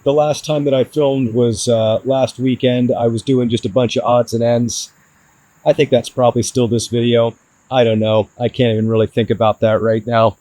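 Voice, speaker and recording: A man's voice: medium pitch, flat delivery, moderate pace, mellow, no echo, rough recording. Frustrated man vlogging a van build. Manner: frustrated, self-critical, talks in restarts. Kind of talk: casual DIY vlog talk to camera.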